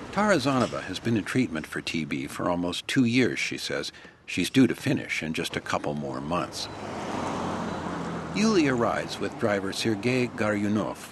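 Deep guy reporter narrating a radio story, calm measured read, a little hiss behind. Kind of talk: scripted news narration.

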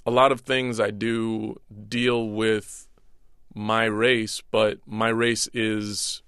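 An American comedian talks through a radio interview, reflective and quick to poke fun at himself. His voice is bright and slightly low. The sound is dry and close. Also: flat delivery, clear, resonant tone, dry recording. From United States. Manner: thoughtful, self-deprecating. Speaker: comedian guest. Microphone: studio mic, remote.

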